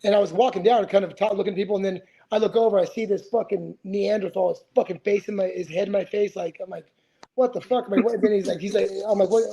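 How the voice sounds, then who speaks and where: Man, forties, high voice, rambling, profane, podcast guest storytelling. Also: fairly even intonation, fast, creaky, hardly any pauses, warm tone, dull audio. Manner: profane, rambling, many restarts. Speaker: guest, retired fighter. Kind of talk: casual storytelling interview.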